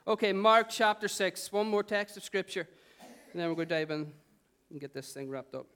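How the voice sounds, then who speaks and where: A man's voice: high-pitched, little pitch movement, normal speed, a bit bright, clear, resonant tone. A man with a Northern Irish accent preaching a sermon in a church, playful and joking with the congregation. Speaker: pastor. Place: church hall.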